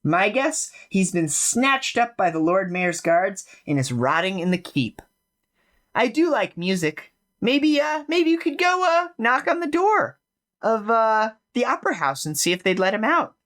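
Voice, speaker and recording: A man putting on a high-pitched, eager townsperson in a tabletop game. The voice rambles and bounces with a wide, lively range. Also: unhurried, heavily acted.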